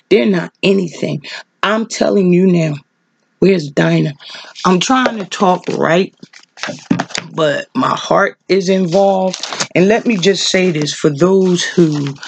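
Woman preacher, impassioned vlog sermon, husky and gravelly, dry close sound, pushes her voice up high on repeated questions. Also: dry recording. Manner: fervent, repeats rhetorical questions, voice leaps high with emotion.

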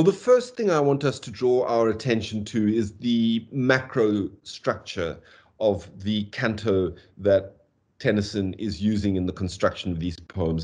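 A man giving a university lecture on poetry over a video call, reading verse aloud, tapping out meter, with frequent fillers. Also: on the low side. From South Africa. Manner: animated, rhythmic scansion aloud.

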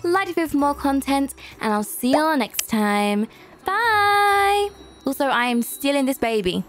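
Young woman, high voice, excitable gameplay commentary, faint music behind. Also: measured pace. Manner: excitable, chatty, gasps and exclaims often. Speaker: gaming YouTuber.

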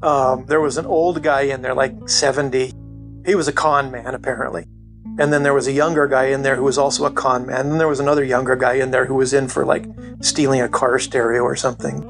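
A man's voice: mid-range voice, flat delivery, a little fast, gravelly, a bit bright, faint music behind. A middle-aged man casually telling stories as a podcast guest, talking in a chatty way and often saying "you know". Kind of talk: casual storytelling.

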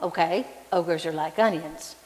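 A woman's voice: on the low side, unhurried, voice pushed down, close to an everyday voice. A woman quoting Shrek, the grumpy ogre. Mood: insistent. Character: grumpy male ogre, big and gruff. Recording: reverberant hall.

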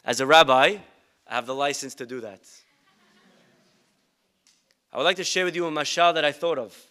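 A man's voice: on the high side, fast talker, bright, forceful tone, smooth. A male rabbi giving a humorous sermon with stories and rhetorical questions to his congregation. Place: synagogue event.

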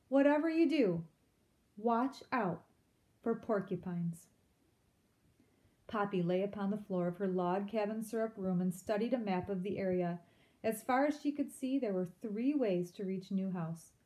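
A woman reading a children's novel aloud, with expressive storytelling and asides to her listeners. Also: mid-range voice. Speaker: reader.

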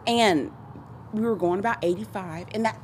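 A woman, a podcast guest telling stories in casual chat, animated and laughing as she acts out what people said. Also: medium pitch, normal speed, background noise. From Texas.

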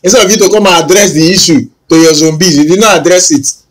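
A man's voice: high-pitched, quick pace. A man with a Nigerian accent co-hosting a casual commentary chat, mocking and incredulous. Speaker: co-host.

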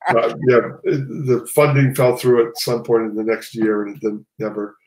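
A man's voice: mid-range voice, fairly even intonation, moderate pace, a little mellow, reverberant, poor audio. A man, a comic artist guest, talking casually and rambling, often restarting and correcting himself. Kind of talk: casual conversation.

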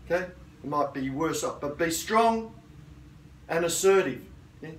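Middle-aged male karate instructor, assertive teaching delivery, slightly high voice, distant roomy recording. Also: animated, a little slow, slight background noise. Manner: firm, assertive, checks in with "okay?". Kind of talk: self-defence lesson. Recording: roomy sound from a distant mic.

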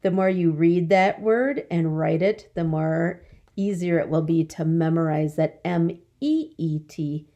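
A woman teacher giving a phonics lesson to young children, drawing words out slowly in a sing-song voice. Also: on the low side, creaky, mellow. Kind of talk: early-grade phonics lesson.

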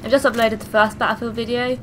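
A woman's voice: a little high, flat delivery, quick pace, noisy background. A young woman with a cough, giving hyper, swear-filled commentary on a game she plays. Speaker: gaming channel host. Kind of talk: let's play commentary.

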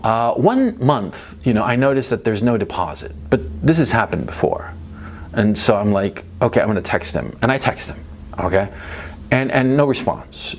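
A middle-aged man recounts a story in a loose, profane monologue, sounding exasperated throughout. His pitch swings widely, rising high and dropping low, and he keeps checking in with the listener with "right?" while restarting his sentences. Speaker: commentator telling a personal story.

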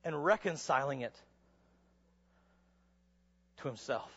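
A man preaching a sermon to college students, telling stories dramatically and sometimes rising to a shout. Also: mid-range voice, animated, slow pace, breathy edge. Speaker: chapel speaker. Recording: dull sound with long hall reverb.

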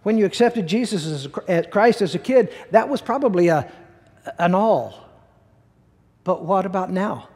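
A male pastor delivers a sermon in a noticeably high voice, pressing his points home by repeating key words. His talk is emphatic yet conversational, with plain asides to the congregation. The sound carries the long reverb of a church hall. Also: expressive, moderate pace, darkish tone, slightly rough.

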